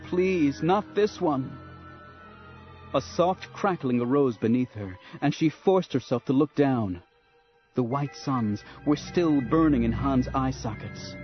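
A man's voice: mid-range voice, a little slow. A man narrating an audiobook dramatically, voicing characters along the way. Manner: expressive, acts out voices. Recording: dull lo-fi audio with faint music.

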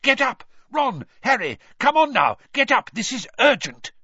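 A fretful middle-aged wizard dad, voiced by a male audiobook narrator, his pitch swinging widely from drowsy mumbles to urgent calls. The recording is dry and a little dull, like a close studio mic with the top end rolled off. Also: very animated, moderate pace, husky, no room sound, full character voice. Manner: sleepy muttering, then urgent shouting. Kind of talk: audiobook character voice.

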